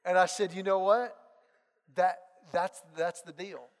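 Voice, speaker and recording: A man preaching a sermon, telling a personal story and acting out the dialogue in an animated way. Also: high voice, a little slow. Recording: long hall reverb.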